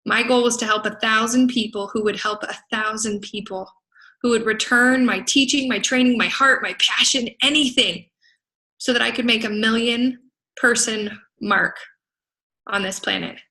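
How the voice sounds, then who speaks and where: Bright-voiced woman coaching a crowd. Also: fairly high pitch, steady tone, moderate pace, poor audio. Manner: emphatic, laughs often, rhetorical "right?". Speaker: business coach. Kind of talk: motivational talk to a group. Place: event venue in Las Vegas.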